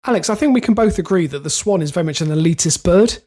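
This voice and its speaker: A man's voice: sits high, lively intonation, quick pace, darkish tone. A young man co-hosting a podcast, reading odd news stories aloud and wandering into jokes. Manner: reads news then rambles off in jokes. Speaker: podcast co-host, reads the stories. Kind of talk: casual comedic chat.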